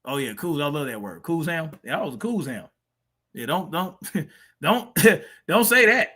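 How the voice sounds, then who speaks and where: Streamer guy reacting to clips, cussing and mocking, kinda high voice. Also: big pitch swings, a little slow, bright, forceful tone, husky. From family from Mississippi. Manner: blunt, profane, mocking. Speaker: streamer host. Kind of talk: casual live-stream reaction commentary.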